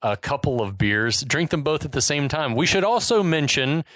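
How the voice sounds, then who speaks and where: A man's voice: on the high side, big pitch swings, moderate pace, a bit bright, dry recording. A man in his thirties or forties co-hosting a podcast, joking and self-mocking, slightly tipsy from beer. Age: 30s to 40s. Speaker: podcast co-host. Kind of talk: casual chat.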